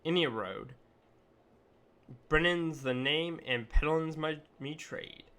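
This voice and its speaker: A man's voice: on the high side, slow, sharp tone, full character voice. A man voicing a chatty, folksy male ship peddler, reading game dialogue aloud in a homespun, colloquial way. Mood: reassuring chatty.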